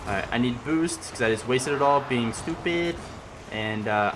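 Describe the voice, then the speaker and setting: Excitable young man yelling at his teammate. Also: mid-range voice, normal speed, background noise. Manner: excitable, swings from yelling to mumbling asides. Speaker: gaming commentator. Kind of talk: casual gameplay commentary.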